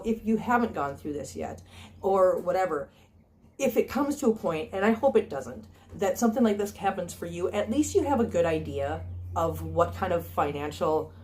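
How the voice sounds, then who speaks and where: A woman's voice: mid-range voice, darkish tone. Chatty woman vlogging on her phone. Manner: chatty, earnest, many ums and restarts. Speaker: cat channel vlogger. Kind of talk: casual vlog talk to viewers.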